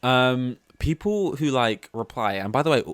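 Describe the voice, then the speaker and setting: A man's voice: medium pitch, animated, measured pace, a bit bright, clear, resonant tone, no echo. A man hosting a casual solo podcast, talking in a rambling, candid and self-deprecating way. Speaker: podcast host.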